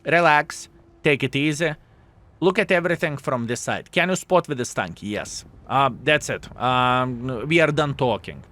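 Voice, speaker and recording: A man with a Lithuanian accent doing lively, playful gameplay commentary and talking straight to his viewers. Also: mid-range voice, normal speed, hardly any pauses. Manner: animated, playful, addresses viewers as fellas. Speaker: gaming YouTuber.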